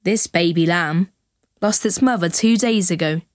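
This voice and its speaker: A man's voice: sits high, unhurried, voice pushed up. A man voicing a friendly young boy who brings animals, in a storybook reading.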